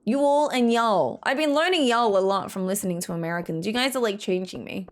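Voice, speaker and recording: A young woman from Australia streaming a game, chatting casually with her chat in a rambling way, with "like" in every sentence and quick laughs. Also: mid-range voice. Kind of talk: casual chat reading out chat messages.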